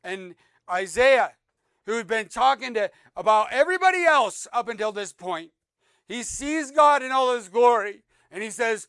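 A man preaching a sermon, reading scripture aloud and swinging between loud emphatic peaks and soft low drops. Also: animated, a little slow, clear, resonant tone, dry recording. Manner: reads scripture aloud, repeats words for emphasis. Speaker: pastor.

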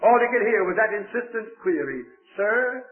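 A man's voice: high-pitched, lively intonation, a little fast, soft background music. A man telling a dramatic moral story in an earnest, preaching manner. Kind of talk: dramatic sermon-style story narration. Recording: echoey, phone-like lo-fi recording.

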